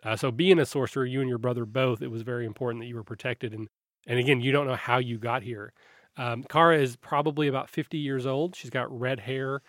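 A male game master narrating a tabletop game, describing scenes in a loose, rambling way and often restarting his sentences. His voice sits at an ordinary pitch and sounds dry and close. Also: fairly even intonation, fast, dry recording.

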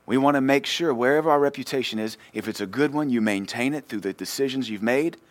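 A male pastor, preaching a sermon and telling a personal story in a lively way, swinging between loud and quiet. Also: medium pitch, quick pace.

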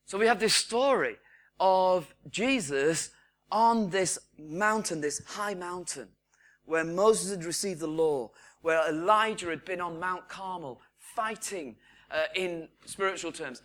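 A man preaching a sermon, retelling the story with lively quoted voices. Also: high-pitched, measured pace.

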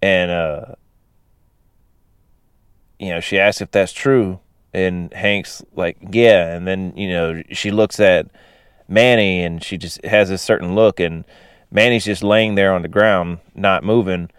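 A man's voice: low voice, steady tone, slow, smooth, dry recording, clean studio sound. A man casually recapping a movie plot, rambling with lots of "you know" and "like" fillers. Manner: laughs while retelling.

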